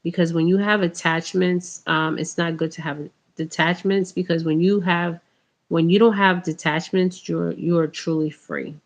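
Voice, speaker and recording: Speaking in a steady, lower-pitched voice at a moderate pace, this woman vlogs casually about her spiritual journey. Addressing her audience as "you guys," she wanders through the topic with frequent ums and a recurring "okay?"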